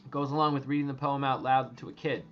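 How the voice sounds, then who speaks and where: A man talking casually to his viewers, rambling and excitable, swearing and restarting his sentences often. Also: mid-range voice, quick pace, dull audio. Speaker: treasure hunt vlogger.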